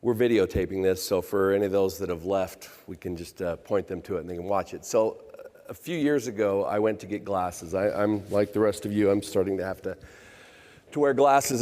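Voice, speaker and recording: A man's voice: on the low side, brisk, warm tone. Man telling stories on a conference stage. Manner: anecdotal, self-deprecating, acts out quoted voices. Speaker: chief revenue officer. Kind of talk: conference keynote storytelling. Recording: reverberant conference hall.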